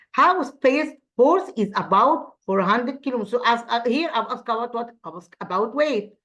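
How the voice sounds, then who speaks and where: A woman's voice: fairly high pitch, fairly bright tone. A woman English teacher with an Egyptian accent, whose first language is Arabic, explaining grammar in a recorded online lesson with many fillers and restarts.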